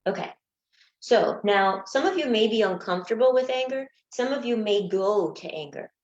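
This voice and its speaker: A woman's voice: a little high, animated, moderate pace, darkish tone. A woman coaching listeners through breakup stages in an earnest teaching talk, sometimes acting out examples. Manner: earnest, acts out examples in small voices. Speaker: anxiety coach. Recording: echoey room, dull lo-fi sound.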